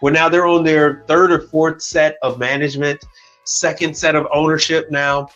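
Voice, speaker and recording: A man's voice: fairly high pitch, flat delivery, moderate pace, a bit bright, lo-fi sound, faint music behind. A man hosting a casual livestream, telling stories bluntly and with plenty of profanity, acting out the dialogue. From Chicago. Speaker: livestream host.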